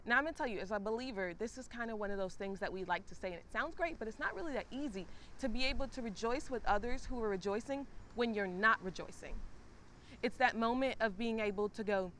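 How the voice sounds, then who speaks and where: A woman's voice: on the high side, fast talker, fairly bright tone, a little hiss or hum. A woman hosting a faith talk series, casually retelling a scripture story and speaking straight to her listeners. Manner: conversational, retells scripture with acted-out asides.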